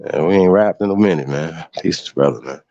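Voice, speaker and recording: A man's voice: very deep voice, fairly quick, vocal fry, warm tone, dry recording, muffled recording. A man hosting a casual livestream, mocking and profane, laughing often. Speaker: host.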